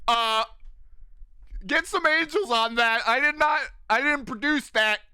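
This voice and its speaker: A man's voice: very high-pitched, unhurried, pushed and bright, clean tone, dry recording, pitched above the performer's own voice, full character voice. A man putting on the voice of a flustered, bewildered God.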